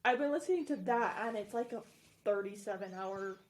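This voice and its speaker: A woman's voice: mid-range voice, brisk, darkish tone. A woman co-hosting a podcast in casual chat, laughing often as she tells stories. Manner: laughing, loses her train of thought. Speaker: podcast co-host.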